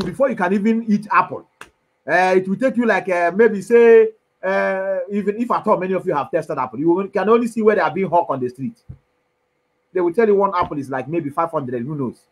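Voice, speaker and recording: Husky man preaching politics. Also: high voice, rough recording. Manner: emphatic, preachy, swings between loud and soft. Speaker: commentator. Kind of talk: impassioned political monologue.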